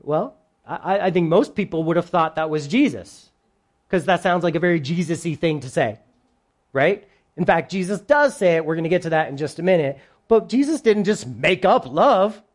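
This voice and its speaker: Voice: medium pitch, animated, moderate pace. A pastor giving a sermon in a casual, humorous way, often asking the congregation questions.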